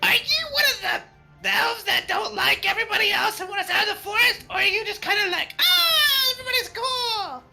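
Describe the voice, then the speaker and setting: A man voicing a shrill, excited adventurer who yells questions at an elf during an online tabletop game. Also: brisk, vocal fry, soft background music, exaggerated voice. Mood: shrill, prying. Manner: yelling high and squeaky in character. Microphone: online voice call.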